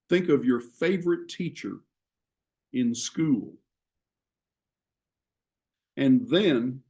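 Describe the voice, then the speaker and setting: A man teaching a class on writing, explaining ideas in a measured way with frequent pauses. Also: mid-range voice, mellow. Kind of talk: classroom lecture.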